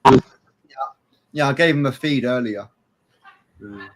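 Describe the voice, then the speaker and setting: A man's voice: mid-range voice, a little slow, very noisy. A man on a livestream video call, easygoing, answering in brief replies. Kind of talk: casual chat on a livestream.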